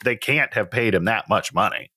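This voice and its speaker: A man co-hosting a casual podcast, enthusiastic and quick with asides, swearing casually. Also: fairly low pitch, pushed and bright, breathy edge. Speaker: podcast co-host. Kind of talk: casual chat.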